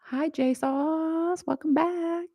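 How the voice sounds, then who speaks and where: A woman's voice: very high voice, steady tone, takes it slowly, dark tone, no room sound. A woman hosting a live question-and-answer stream, chatting casually in a rambling way and laughing often. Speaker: human design reader hosting a live Q&A. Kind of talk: casual livestream chat.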